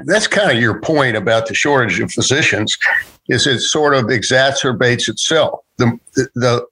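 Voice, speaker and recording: Male panelist, bright and measured, repeats opening words. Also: mid-range voice, poor audio. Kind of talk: panel discussion.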